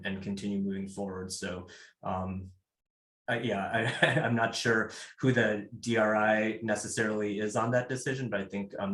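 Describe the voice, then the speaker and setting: Flat-voiced man hedging on a call. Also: low-pitched. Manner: tentative, hedging. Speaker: meeting participant. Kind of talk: casual work meeting talk. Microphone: video call. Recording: roomy echo on a video call.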